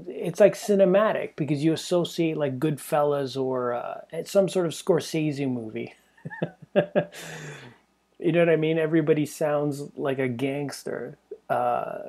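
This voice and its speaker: A man's voice: on the high side, dark tone. A man hosting a podcast, talking in a rambling, digressive way and chuckling between thoughts. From Canada. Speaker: podcast host. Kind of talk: casual podcast monologue.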